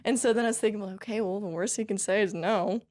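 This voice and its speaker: A woman from California chats as a podcast guest, recounting her musical journey in a casual, upbeat way. She laughs often and fills her sentences with "like" and "you know". Her voice sits at an ordinary middle pitch. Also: fast. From California, USA. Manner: chatty and upbeat, laughs often between phrases; tells stories lively, with many fillers like "like" and "you know". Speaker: podcast guest, country fiddle player. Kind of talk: casual interview storytelling.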